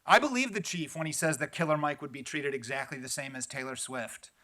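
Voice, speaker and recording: A man's voice: a little high, fairly quick, pushed and bright. Sarcastic man giving public comment. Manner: sarcastic, pointed.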